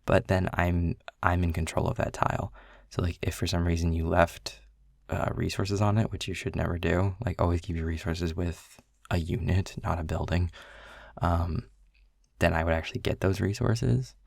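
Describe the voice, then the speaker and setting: Man, casual boyfriend role-play, rambling explainer, low voice, dry close sound. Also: steady tone, normal speed, vocal fry, no room sound. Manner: rambling, explaining game rules with filler words. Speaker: audio role-play creator.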